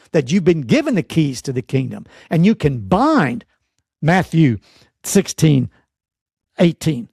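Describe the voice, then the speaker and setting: A man teaching in an earnest, exhorting sermon style, fond of pointed rhetorical questions and deliberate dramatic pauses. His voice sits somewhat high for a man, and the sound is close and dry with no room echo. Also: a little mellow. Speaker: preacher and teacher.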